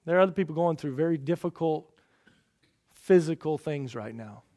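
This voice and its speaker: A middle-aged man delivers a sermon from the pulpit in a fairly high voice. He preaches in a folksy, storytelling way, rising to loud emphatic lists and then dropping to quiet, personal asides. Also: lively intonation, moderate pace. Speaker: pastor.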